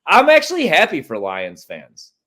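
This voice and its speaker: A man's voice: high-pitched, wildly swooping pitch, normal speed, bright, forceful tone. A man from Chicago hosting a sports podcast, giving blunt, profane, opinionated takes in casual chat.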